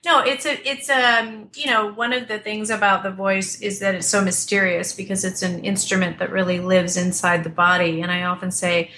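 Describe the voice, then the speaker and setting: Bright, chatty woman vocal coach. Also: mid-range voice, moderate pace, hardly any pauses, a little hiss or hum. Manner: animated, chatty, many fillers and restarts. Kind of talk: remote interview, explaining technique. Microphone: desktop computer mic at a distance.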